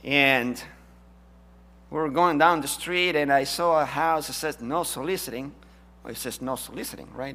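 A man preaching a sermon, emphatic, swinging from loud declarations to hushed asides. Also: a little high.

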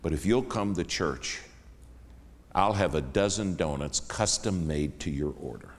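Pastor telling a folksy story. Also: male voice, low voice, measured pace, in a large hall. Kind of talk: sermon.

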